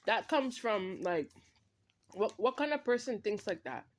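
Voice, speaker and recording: A woman talking straight to the camera in a spiritual vlog monologue, her voice at an ordinary middle pitch. She scolds someone directly, repeating her points and leaning on "like" and "right?" between them. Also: animated, unhurried. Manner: emphatic, repetitive, full of "like" and "right?". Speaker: vlogger.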